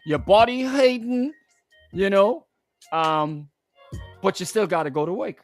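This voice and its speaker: A man hosting a morning radio show, chatting casually and telling stories with animated voices for the people in them. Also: sits high, unhurried, faint music behind. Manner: animated storytelling, drops into voices for quoted people. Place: radio studio.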